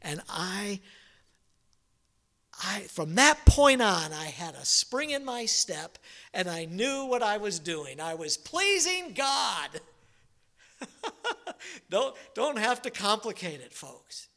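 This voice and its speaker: A man's voice: sits high, very animated, slow pace, pauses often, fairly bright tone. A middle-aged male pastor preaching a sermon, telling a folksy, rambling story with many restarts.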